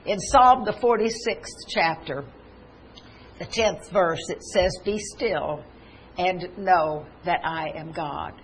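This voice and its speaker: A woman's voice: fairly low pitch, takes it slowly, a little hiss or hum, poor audio. A woman preaching a televised sermon, earnest, stopping and restarting as she quotes scripture. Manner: earnest, with many restarts, quoting scripture aloud.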